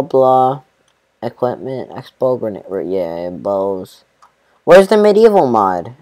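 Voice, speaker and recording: Male gamer, casual let's-play commentary, rambling and slangy, shifts between mumbles and excited bursts. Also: mid-range voice, low-quality recording. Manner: rambling, laid-back, full of fillers like "you know" and "bro". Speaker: gameplay commentator.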